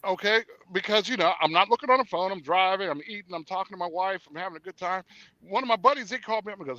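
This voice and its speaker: Male guest, lively storyteller who acts out voices and trails off with fillers; bright tone, dry close sound. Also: high-pitched, very fast, no room sound, dull audio. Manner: animated storyteller, acts out dialogue; hesitant with fillers. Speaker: interview guest. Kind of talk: casual conversation.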